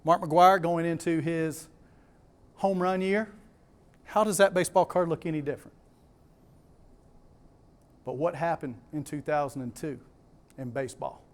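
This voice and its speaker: A man's voice: on the high side, fairly even intonation, measured pace, pauses often. A man with a Southern US accent giving a keynote talk to a live audience, emphatic, repeating key words and putting questions to the crowd. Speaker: conference speaker.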